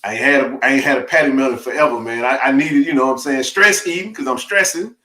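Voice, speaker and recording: A man's voice: medium pitch, fast talker. Rambling man telling a story. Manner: animated, rambling storytelling with many restarts and laughs. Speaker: live-stream sports chat host. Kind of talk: casual storytelling on a live stream. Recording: roomy echo.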